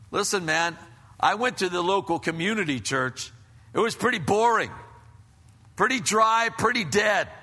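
A man preaching a sermon as pastor, telling stories in an animated way and acting out the people in them. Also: high-pitched, in a large hall. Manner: animated storytelling, acts out voices.

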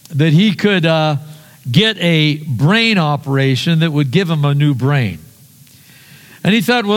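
Male pastor, earnest folksy sermon with questions to the pews, high-pitched, in a reverberant hall. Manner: earnest and conversational, repeats words, asks the congregation questions.

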